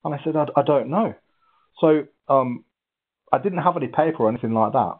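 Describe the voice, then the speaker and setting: Husky man on a tinny line. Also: medium pitch. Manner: animated, halting restarts, acts out quotes. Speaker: guest, ultra runner. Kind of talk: conversational interview storytelling.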